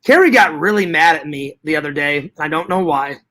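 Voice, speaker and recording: A man hosting a casual live stream, reading chat messages aloud and answering them in an animated, profane way that often repeats itself. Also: a little high, a little fast.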